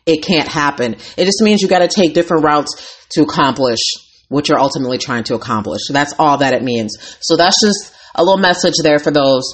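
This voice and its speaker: A woman's voice: deep voice, lively intonation, fairly quick. A woman hosting her own podcast as a life coach, talking in a raw, candid and emphatic way. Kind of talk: casual motivational talk.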